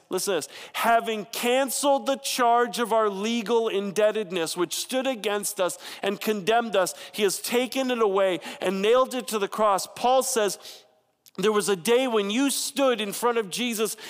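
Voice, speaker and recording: A male pastor in his thirties delivers a sermon in a conversational, storytelling way with playful asides. His voice sits high for a man. The sound carries a long hall reverb. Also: a little slow.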